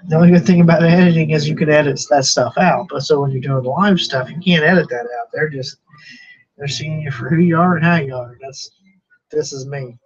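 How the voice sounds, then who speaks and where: A man with a slightly high, husky voice talks in a loose, rambling way, often chuckling at himself. The sound is dull and lo-fi. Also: fairly quick. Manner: rambling, chuckling, self-deprecating. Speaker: thrift reseller streaming live. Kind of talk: casual live-stream chat.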